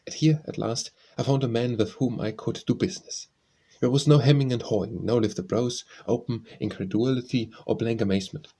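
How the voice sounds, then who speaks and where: A man reading a first-person story aloud as an audiobook narrator, in a measured, literary way. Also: medium pitch, mellow.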